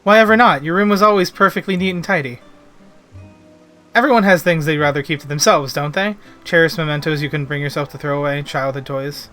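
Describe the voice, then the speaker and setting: A man's voice: on the high side, a little fast, sharp tone, soft background music. Man reading as a doting upper-class mother. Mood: insistent. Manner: refined, formal old-fashioned phrasing. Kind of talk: reading game dialogue aloud on stream.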